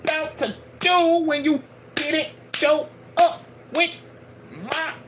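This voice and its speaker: A man voicing an angry male pimp who demands his money, shouting and incredulous. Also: very high-pitched, level tone, slow, background noise, pitched above the performer's own voice. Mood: indignant.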